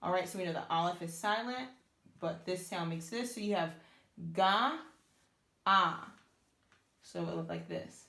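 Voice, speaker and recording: A woman with a lowish voice teaches beginners to read Hebrew letters in a slow, patient lesson, though her own delivery is brisk. She sounds each letter out step by step and praises her learners, with a reverberant sound around her.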